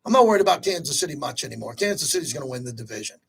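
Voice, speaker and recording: A man hosting a sports talk radio show, talking in an energetic, rapid-fire, conversational way. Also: fairly high pitch, gravelly, husky.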